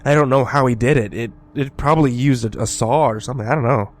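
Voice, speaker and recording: A man reading a flat, clinical medic. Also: mid-range voice, fast, slight background noise, natural voice. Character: matter-of-fact male paramedic.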